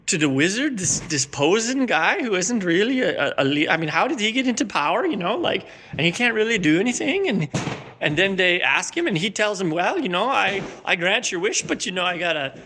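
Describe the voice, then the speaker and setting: Rambling Midwestern man, gravelly and bright. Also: sits high, a little hiss or hum. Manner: rambling, filler-heavy, laid-back storytelling. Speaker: comedic character host. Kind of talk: rambling comedic monologue.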